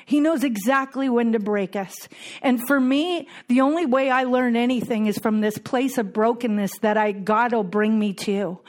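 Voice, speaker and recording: A woman's voice: on the high side, normal speed, darkish tone. A middle-aged woman giving a heartfelt personal talk to a group at a recovery meeting, repeating key phrases for emphasis.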